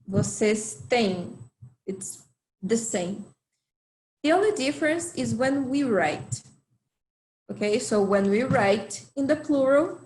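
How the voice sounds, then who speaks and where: A woman gives an online language lesson at an unhurried, deliberate pace, repeating each point with patience. Her voice sits a little high. The recording has a roomy echo with faint noise underneath. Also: a little mellow. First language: Portuguese. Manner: slow, patient explaining with repetition. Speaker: language teacher. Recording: echoey room.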